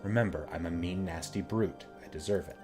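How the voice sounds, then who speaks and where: Guy reading as a calm scarred amnesiac man, low and flat, kinda quiet, faint music under. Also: fairly quick, natural voice. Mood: coaching.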